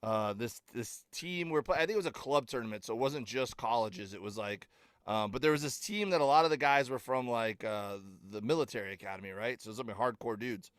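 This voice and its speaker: A middle-aged man appears as a comedian guest on a casual podcast, telling stories in a medium-pitched voice at a brisk clip with no room sound. He's an animated storyteller who leans heavily on fillers and acts out the quotes he tells.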